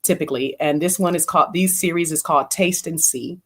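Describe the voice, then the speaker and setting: Woman guest, measured with filler pauses. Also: low voice, slightly rough. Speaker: guest, event producer. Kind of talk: casual radio interview.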